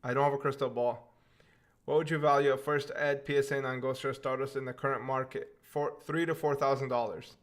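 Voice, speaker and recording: A young man hosting a live stream reads viewer questions aloud and answers them in a laid-back, offhand way, often saying "man". His mid-range voice is level in tone and brisk.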